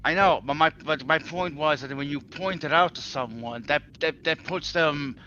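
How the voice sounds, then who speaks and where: Bright-voiced man on a muffled mic. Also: fairly high pitch. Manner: halting, restarts, laughs at himself, swears. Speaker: panelist. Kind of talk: heated live-stream debate. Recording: slightly muffled mic with faint hiss.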